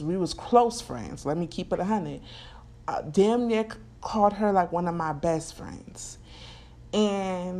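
A woman in her twenties from California telling a personal story straight to camera, frank and slangy, laughing often. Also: medium pitch. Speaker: storyteller vlogger. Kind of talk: candid storytime monologue.

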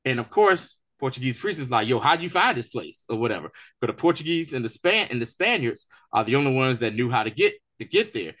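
A man's voice: mid-range voice, a little fast, hardly any pauses. A man co-hosting a TV review podcast, retelling scenes in casual slang and acting out the characters' lines. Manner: animated storytelling, acts out quotes. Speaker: co-host of a TV review show. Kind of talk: casual recap chat.

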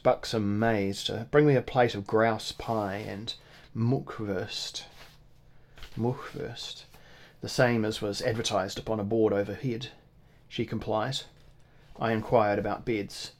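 A man reading a first-person novel aloud in a measured, formal manner. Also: lowish voice, steady tone. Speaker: audiobook narrator. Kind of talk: scripted first-person narration.

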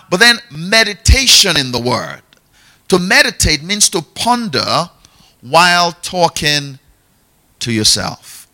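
A man's voice: medium pitch, sharp tone. A middle-aged man preaching a sermon in a conversational teaching style, repeating key phrases and checking in with his listeners. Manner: conversational, checks in often with "yeah?" and "okay?".

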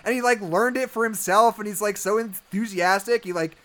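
A man's voice: sits high, brisk, fairly bright tone. Rambling man talking film. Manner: rambling, heavy use of "like", acts out quotes. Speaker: podcast co-host. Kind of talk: casual film discussion.

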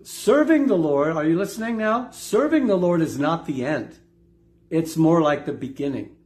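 Emphatic male preacher, slightly high voice. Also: animated, normal speed, a little mellow. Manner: emphatic, repeats key phrases, asks the congregation questions. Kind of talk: sermon.

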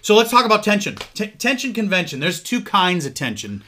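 A middle-aged man hosting a podcast in casual chat, jokey and quick to laugh. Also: high-pitched, big pitch swings, bright, forceful tone. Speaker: podcast host.

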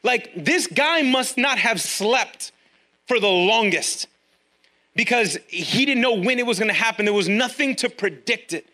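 A man preaching a sermon, animated, acting out quoted voices and asking the audience questions. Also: sits high, measured pace. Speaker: pastor. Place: church room with online viewers.

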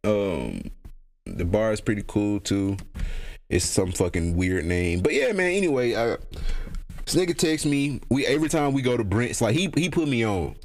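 A young man, talking casually to camera in a rambling, slangy, profane way, his pitch jumping up and down. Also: animated, moderate pace. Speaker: solo vlogger. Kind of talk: casual monologue.

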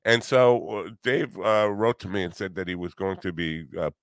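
A middle-aged podcast host and musician rambles in casual chat with a deep, smooth voice at normal speed and no room sound. He is blunt, profane, and self-deprecating, packing his talk with swearing and filler words.

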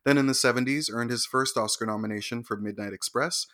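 A male co-host with a bright, forceful voice reads out birthday bios in a crisp, brisk delivery. His occasional wry asides keep it light. The sound is dry and close, as from a studio. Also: mid-range voice, no echo. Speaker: co-host reading celebrity birthdays. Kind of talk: scripted entertainment segment with banter.

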